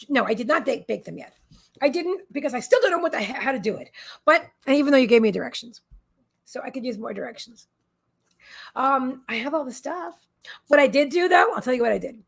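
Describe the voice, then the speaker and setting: A woman with a high voice, gravelly and a little husky, chatting from her desk at home. She hosts a psychic live stream and rambles casually between stories, often turning to talk to her pets. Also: lively intonation, a little fast.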